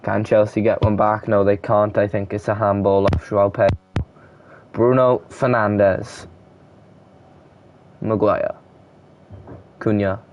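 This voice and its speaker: A man's voice: on the low side, level tone, takes it slowly, pauses often, slight background noise. A young man giving casual play-by-play commentary on a football video game, reading off player names in short bursts. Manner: calls player names in short bursts, shouts at goals and chances.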